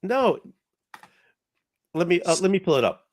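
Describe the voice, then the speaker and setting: A middle-aged man chatting casually who explains things at a patient, halting pace, often restarting his sentences. His voice sits slightly high. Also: sing-song, a little mellow, no room sound. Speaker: podcast host. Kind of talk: casual chat.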